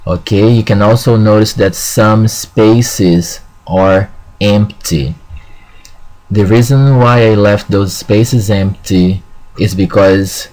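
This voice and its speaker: A man teaching a Spanish lesson who talks slowly, says "okay" often and sounds out words with care. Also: on the low side, fairly even intonation, a little mellow. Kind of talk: classroom lesson.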